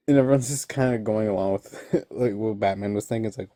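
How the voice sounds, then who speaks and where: A young man recaps an episode in a loose, rambling way, laughing often. His voice sits low and mellow, and the sound is dry and close. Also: fast, hardly any pauses, no echo. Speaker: online reviewer.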